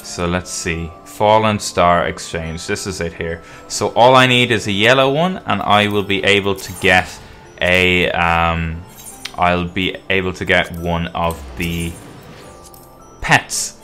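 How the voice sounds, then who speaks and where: A man hosting a game guide video, explaining relaxed and casually as he plays. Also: low voice, slow, soft background music. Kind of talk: casual gameplay walkthrough commentary.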